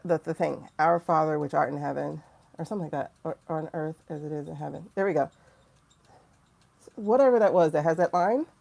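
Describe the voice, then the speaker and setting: A woman hosting a livestream in casual talk, blunt and animated, laughing often. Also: medium pitch, gravelly. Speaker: livestream host.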